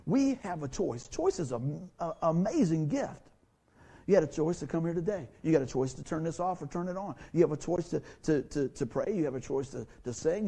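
A man's voice: fairly high pitch, gravelly, mellow, slightly rough. A middle-aged man as pastor, preaching a sermon to his church in a folksy, conversational way, acting out the quotes of the people in his stories. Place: church sanctuary.

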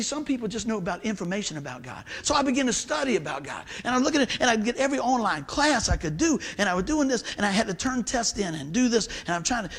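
Husky high-voiced male preacher. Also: fairly bright tone. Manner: folksy, emphatic, repeats words for stress. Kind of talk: sermon.

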